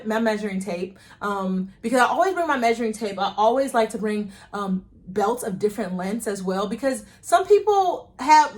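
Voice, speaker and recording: A woman who runs a small craft business, excitedly retelling a market day story in a casual vlog and acting out the quotes. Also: a little high. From Ohio. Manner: gushing, animated retelling with acted-out quotes. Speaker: small business owner vlogging.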